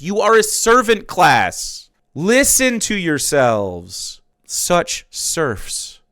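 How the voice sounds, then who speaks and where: A man hosting a live stream, ranting about politics in a mocking, profane way and swinging from loud outbursts to low muttering. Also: wildly swooping pitch, slow, few pauses, no room sound, studio quality. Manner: profane, mocking, loud rants with sudden drops. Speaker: streamer host. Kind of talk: heated political commentary.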